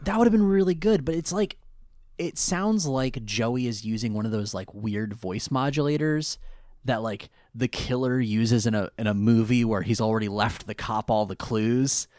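A man's voice: mid-range voice, moderate pace, a little mellow, no echo, studio quality. A man co-hosting a casual recap chat who talks animatedly, laughs often and acts out the characters. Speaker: podcast co-host.

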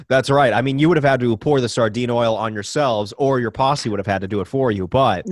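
A man's voice: medium pitch, fairly quick, no room sound, clean studio sound. A man co-hosting a podcast, bantering in a playful, teasing way. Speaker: podcast co-host. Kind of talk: casual comedic chat.

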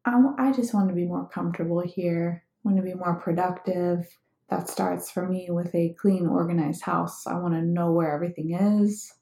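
Female co-host, thirties, calm and agreeable, lowish warm voice, roomy home recording. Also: moderate pace, gravelly. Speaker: podcast co-host. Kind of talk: casual chat with spouse. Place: room at home.

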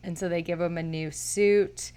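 A woman's voice: lowish voice, steady tone, normal speed, mellow, clear, resonant tone. A young woman casually recapping a movie, talking with lots of fillers and frequent laughs. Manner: chatty, filler-heavy, laughs often.

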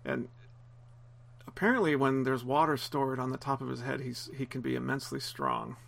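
A man's voice: mid-range voice, steady tone, moderate pace, vocal fry, fairly bright tone. A man casually commenting on a film as it plays, explaining scenes and chuckling often. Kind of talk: casual watch-along commentary.

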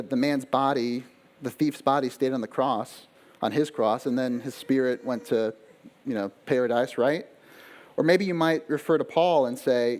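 Conversational male preacher, mid pitch. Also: a little mellow. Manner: conversational preaching with frequent rhetorical questions. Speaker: pastor. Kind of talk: sermon.

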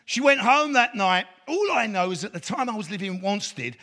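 A man's voice: high voice, lively intonation, a little fast, pushed and bright. A middle-aged man giving his testimony as an evangelist, emphatic and preacherly. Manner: emphatic, preacherly, rising to exclamations. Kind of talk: spoken testimony.

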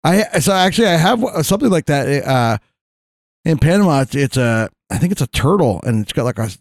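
A man's voice: fairly high pitch, very animated, a little fast, no echo, clean studio sound. A man co-hosting a podcast in casual, profane banter, laid-back and stammering through restarts. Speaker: podcast co-host.

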